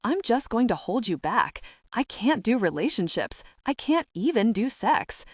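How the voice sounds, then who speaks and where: A woman's voice: on the high side, very animated, measured pace, no room sound, pitched above the performer's own voice. Woman doing a frazzled young single mom in an audiobook, rambling and teary, dry close sound. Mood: tearful. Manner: rambling, tearful, upset. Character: overwhelmed young single mother, self-doubting.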